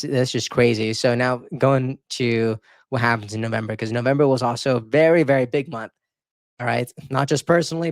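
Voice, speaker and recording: Man, channel host, casual reaction commentary, excitable, repeats words, mid-pitched voice, dry close sound. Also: no echo. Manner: emotional, near tears. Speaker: YouTube political commentator. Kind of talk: casual reaction commentary on his own videos.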